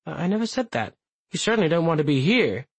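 A prickly, needy middle-aged mother speaks in a raised, plaintive voice, with a husky edge, as a male narrator puts her on. She sounds close and dry, read for an audiobook. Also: big pitch swings, quick pace, no echo, exaggerated voice. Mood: reproachful. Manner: raised pitch, plaintive and reproachful. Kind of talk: audiobook character voice.

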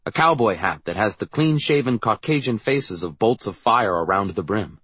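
Husky, lively male audiobook narrator. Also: on the low side, normal speed, dry recording.

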